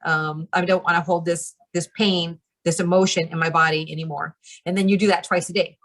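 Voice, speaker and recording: A woman with a fairly low, steady, fairly bright voice speaks fairly quickly. She's in a channeling practice group, chatting casually and explaining things step by step, full of fillers like "like" and "you know," and she laughs often.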